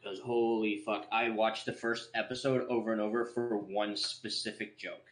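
Man swearing through an excited story. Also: lowish voice, moderate pace, poor audio. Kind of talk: casual podcast chat.

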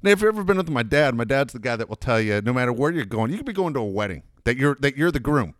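A man's voice: medium pitch, sing-song, fast talker, dry recording, clean studio sound. A man in casual chat, telling a long, profane family anecdote in a rambling way.

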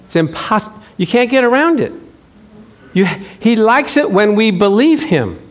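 A high-pitched man preaches with lively energy, firing rhetorical questions at his listeners. He slips into quick acted-out exchanges to drive his points home. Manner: animated, acts out dialogue, rhetorical questions to congregation. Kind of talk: sermon.

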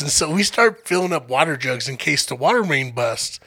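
Gravelly, bright-voiced man telling a story. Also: a little high, moderate pace. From Denver. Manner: profane, animated storyteller who acts out quotes. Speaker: podcast co-host. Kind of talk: casual storytelling chat.

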